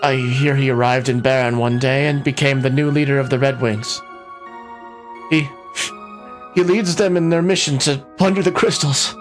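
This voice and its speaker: A man's voice: mid-range voice, moderate pace, soft background music, natural voice. A man reading a timid grieving young prince. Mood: sad.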